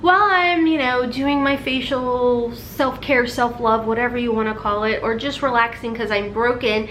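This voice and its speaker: Woman beauty vlogger, chatty and rambling, a touch high-pitched, faint room hiss. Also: fairly even intonation, moderate pace, fairly bright tone. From Kentucky. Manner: chatty, rambling, self-deprecating. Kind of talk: casual makeup tutorial chat.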